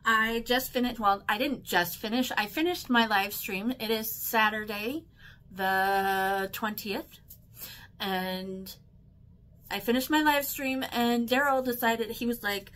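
A woman chatting casually in a shopping haul vlog, telling stories in an excitable, chatty way. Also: fairly high pitch, slow pace. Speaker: haul vlogger. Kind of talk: casual chat.

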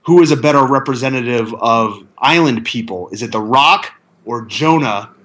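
A man co-hosting a casual chat, joking in a deadpan way with slow, halting delivery. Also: mid-range voice. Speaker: co-host.

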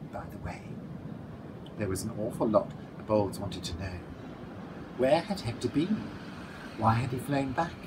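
A man, the author, reading his children's book aloud with a playful, lively storytelling manner. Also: fairly low pitch, background noise.

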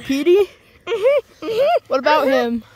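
A woman's voice: high voice, slow, slight background noise. A woman voicing a young dog owner who chats and guesses in a rambling, puzzled way, in a fan plush video.

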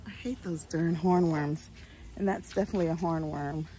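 A woman's voice: deep voice, steady tone, normal speed, mellow, slight background noise, rough recording. A woman chatting casually as she walks through her home garden outdoors, folksy and full of ums. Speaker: homestead vlogger.

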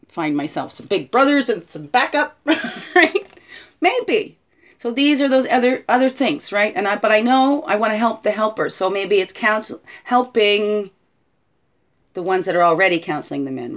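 A woman's voice: medium pitch, lively intonation, normal speed. A woman giving a casual, reflective spiritual guidance talk, thinking aloud and tagging her sentences with "right?". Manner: tags many sentences with "right?". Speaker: spiritual guide.

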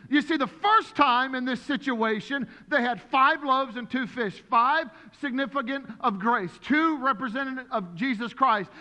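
A man preaches to his congregation in a high-pitched, bright voice. He tells stories with lively acted-out voices. His words ring through a large, reverberant sanctuary. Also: moderate pace, few pauses. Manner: animated, storytelling with acted-out voices. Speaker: pastor. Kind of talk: sermon. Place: church sanctuary. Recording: long hall reverb.

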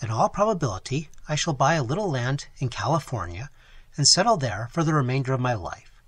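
A man voicing a stern, authoritative doctor who speaks loudly and commandingly. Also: medium pitch, big pitch swings, fairly quick, slightly rough, dry recording. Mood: grave. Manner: loud, commanding, clipped. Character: stern authoritative male doctor, middle-aged.

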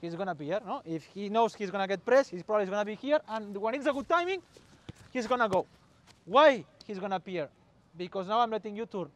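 High-voiced man coaching on a pitch. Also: expressive, quick pace, a bit bright. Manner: short commands, calls out to players, mixes in Spanish. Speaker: football coach. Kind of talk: on-field coaching demonstration.

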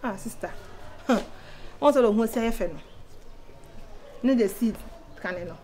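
A woman in casual chat, talking insistently and pushing hard, her voice climbing loud when she presses a point. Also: a little high, unhurried, pauses often, slight background noise. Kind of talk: casual chat mixing pidgin and Twi.

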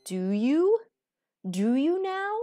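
A woman's voice: sits high, big pitch swings, very slow, mellow, dry recording, faint music behind. A woman playing a video game and chatting casually, joking and reading game text aloud. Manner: joking, reads game text aloud, sudden playful voices. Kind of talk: casual let's-play commentary.

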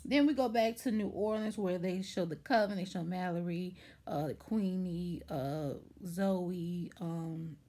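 A woman's voice: fairly low pitch, measured pace, few pauses. A woman casually recapping a TV episode in a chatty, rambling way, full of fillers and acted-out quotes. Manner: chatty, rambling, lots of "like" and "anywho"; animated retelling with acted-out quotes. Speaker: TV show reviewer.

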